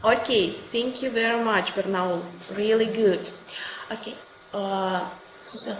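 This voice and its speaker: A woman's voice: medium pitch, fairly even intonation, slow. Encouraging Russian-accented woman teacher, echoey. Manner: encouraging, thanks and praises each answer. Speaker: English teacher. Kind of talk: online class quizzing students. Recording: echoey room with faint noise.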